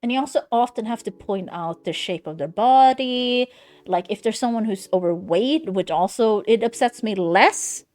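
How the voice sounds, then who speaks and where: A woman's voice: fairly high pitch, normal speed, a little mellow, soft background music. Frank woman streamer. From Sweden. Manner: frank, swearing, venting in loose run-on sentences. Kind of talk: casual chat. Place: home streaming setup.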